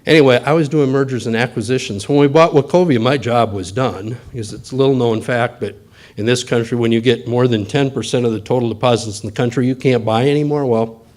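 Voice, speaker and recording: A middle-aged man, a bank executive, giving a talk to an audience in a folksy storytelling way, acting out quoted dialogue. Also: mid-range voice.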